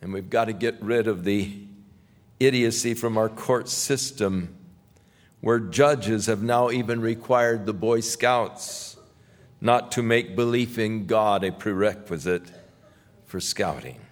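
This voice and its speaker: A male pastor preaching a sermon in a slow, emphatic style that swells loudly on scripture. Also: lowish voice, long reverb tail.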